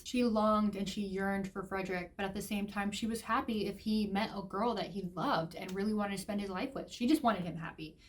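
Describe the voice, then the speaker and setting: Woman vlogger, enthusiastic, talkative book chat in an everyday mid-pitched voice. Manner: gushing, chatty, heavy use of "like". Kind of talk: casual book review vlog.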